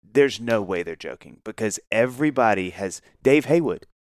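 A man with a fairly low voice tells a story to his co-host, acting out every quote and breaking into laughs. He sounds close to the mic, with no room sound around him. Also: moderate pace, no room sound. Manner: animated storyteller, acts out quotes, laughs often. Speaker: podcast co-host. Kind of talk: casual storytelling chat.

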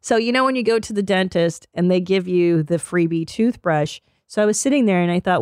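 A woman's voice: lowish voice, moderate pace, few pauses, darkish tone, no room sound, studio quality. A woman podcast host telling a story in casual, profane, comedic chat and acting out both sides of the conversations.

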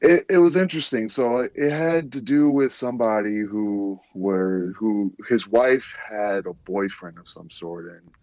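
A man's voice: fairly low pitch, a little slow, hardly any pauses, darkish tone, no echo, highs cut off. A man in his twenties with a Southern US accent, calling in and speaking politely with hesitant fillers. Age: 20s. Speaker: caller. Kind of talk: casual phone-in chat.

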